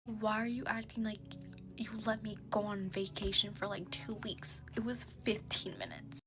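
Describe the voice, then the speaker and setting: A teenage girl telling a storytime in a hushed, mostly whispered voice, tearful and exasperated. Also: medium pitch, level tone, moderate pace, music in the background.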